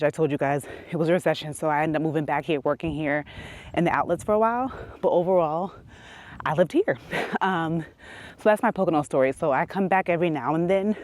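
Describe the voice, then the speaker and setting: A woman's voice: sits low, darkish tone, no echo. A woman, telling a story in a casual vlog while walking outdoors, a little out of breath. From New York City. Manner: chatty storytelling, acts out quotes with laughs. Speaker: beauty vlogger. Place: outdoors on a quiet country road, walking.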